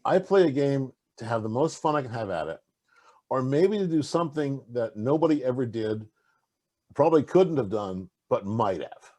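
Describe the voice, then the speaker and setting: A man with a husky, slightly rough voice talks in a casual interview, his pitch swinging widely as he gets into his stories. He rambles, stacks fillers and restarts, and keeps circling back to his point. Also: moderate pace. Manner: animated, rambling storyteller with many fillers and restarts. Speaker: interview guest, game designer.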